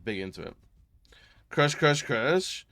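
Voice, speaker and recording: A man's voice: mid-range voice, lively intonation, takes it slowly, dry recording, soft background music. A man chatting casually on a live stream as a variety streamer, greeting viewers with frequent fillers. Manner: chatty, laughing, greets chat warmly, many fillers.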